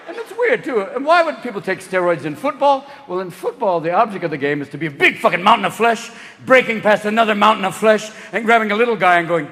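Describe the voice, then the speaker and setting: A man in his sixties doing a stand-up comedy routine on a theater stage, manic and profane, leaping into voices and shouted bursts. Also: high voice, animated, quick pace, few pauses, slight background noise. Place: theater stage with live audience. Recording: reverberant hall, live audience.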